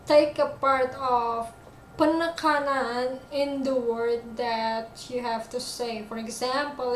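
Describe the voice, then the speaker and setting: A woman with an Indonesian accent teaching an English lesson, slowly explaining and pausing to search for words. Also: high-pitched. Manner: slow, searching for words, repeats examples. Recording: echoey room with faint noise.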